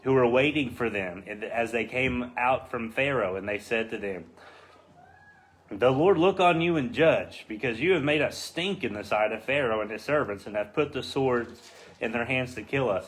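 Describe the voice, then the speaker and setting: A man leading a casual Bible study, acting out the quoted voices with rising pitch. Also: fairly quick, a bit bright.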